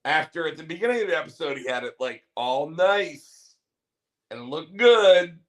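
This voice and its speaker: A man's voice: a little high, expressive, normal speed, fairly bright tone. A man co-hosting a casual chat show, rambling and restarting his sentences. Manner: rambling, repeats words and restarts. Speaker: podcast co-host.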